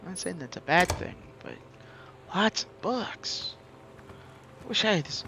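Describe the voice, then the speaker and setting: A man streaming a game in casual commentary, chatting, reading game text aloud and breaking into bursts of excitement. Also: high voice, quick pace, gravelly. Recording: muffled recording with faint noise.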